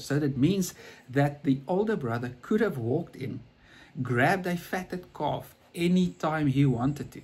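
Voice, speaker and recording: A man's voice: on the high side, animated, measured pace, a little mellow, slightly rough. A man preaching a sermon in a conversational, storytelling way, earnest and often repeating or restarting his words.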